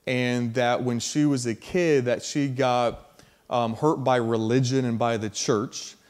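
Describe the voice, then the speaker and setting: A man preaching a sermon, telling a story in a casual, slangy way that builds to loud emphasis. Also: medium pitch, steady tone, takes it slowly.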